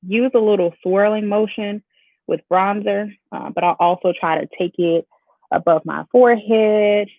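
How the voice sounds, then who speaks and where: A chatty woman from Chicago talks her viewers through a makeup routine and calls them "y'all". Her voice has a gravelly vocal fry. The sound is tinny and phone-like, and the room is dry. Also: mid-range voice, dry recording. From Chicago, United States. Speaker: beauty vlogger. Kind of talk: casual live makeup tutorial.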